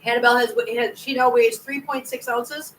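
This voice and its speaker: A woman's voice: a little high, fairly even intonation, moderate pace, a bit bright, recorded from a distance, a little hiss or hum, low-quality recording. A woman hosting a casual livestream from home, chatting with viewers in a rambling way and stumbling over her words. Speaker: cat channel host.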